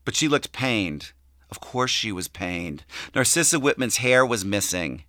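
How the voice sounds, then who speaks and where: A man narrating a novel in an expressive, varied way on a close studio mic. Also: on the low side, unhurried, no echo. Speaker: audiobook narrator.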